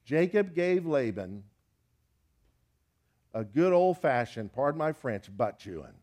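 A man's voice: mid-range voice, sing-song, slow pace, darkish tone. A man preaching a sermon, folksy and emphatic, urging listeners with direct questions.

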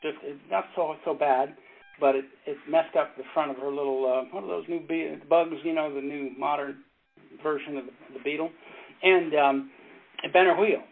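A pastor and former Navy chaplain teaching a casual Bible study, telling stories in a rambling way, with halting restarts and frequent chuckles. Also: male voice, fairly high pitch, fairly even intonation, creaky. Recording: tinny phone-like sound with faint noise.

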